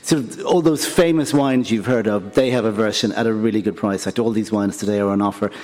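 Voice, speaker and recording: An Irish man as wine expert on a live radio panel, relaxed and chatty with dry humor. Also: lowish voice, a little fast. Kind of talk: casual radio panel chat. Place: live show before an audience in a hotel.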